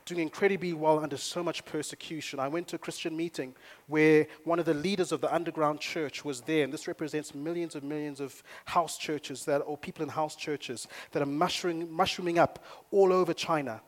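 Male pastor, sermon delivery, lively storyteller, slightly high pitch, punches key lines loudly. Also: fairly quick, few pauses. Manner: energetic, storytelling, rising to loud emphasis. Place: church in Nairobi.

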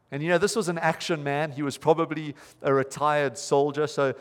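A man preaching a sermon as pastor, telling a story earnestly and slowing down to stress his points. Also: on the high side, fairly even intonation. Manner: earnest, storytelling, slows for emphasis. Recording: reverberant hall.

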